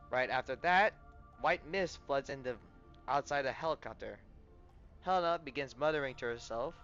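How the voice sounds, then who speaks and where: A man reading the narration and his own character's lines in a game playthrough, stumbling and correcting words, with loud excited reactions. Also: mid-range voice. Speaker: gamer reading a story aloud. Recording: slightly muffled, soft game music behind.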